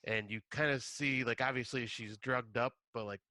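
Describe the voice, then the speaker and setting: A man's voice: mid-range voice, fairly even intonation, moderate pace, sharp tone, no echo. A man co-hosting a podcast in casual chat, agreeable and hedging, who acts out lines of dialogue in a raised voice. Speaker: podcast co-host.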